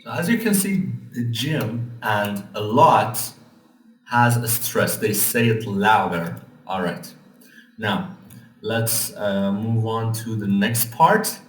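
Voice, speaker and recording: A man's voice: fairly low pitch, slow. A man teaching an English lesson, patiently explaining grammar and pronunciation step by step. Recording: echoey room, mic at a distance.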